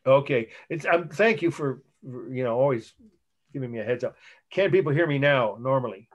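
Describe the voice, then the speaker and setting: A man's voice: mid-range voice, lively intonation, lo-fi sound. Man lecturing art history on a video call. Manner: conversational, halting, with restarts and asides. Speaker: college art history instructor. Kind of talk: online lecture. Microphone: computer mic on a video call. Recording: video call audio with dropouts.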